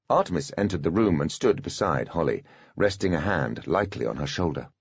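A man reading an audiobook in an expressive storytelling manner. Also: low voice, brisk, gravelly, breathy edge, no echo. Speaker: audiobook narrator. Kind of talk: scripted audiobook narration. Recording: dull, dry lo-fi recording.

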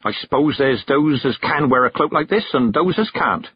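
A man's voice: mid-range voice, very animated, normal speed, husky, no echo, dull audio, pitched above the performer's own voice. A man voicing a proud, stern old woman witch with blunt country speech, in a storybook reading. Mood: dry, sharp.

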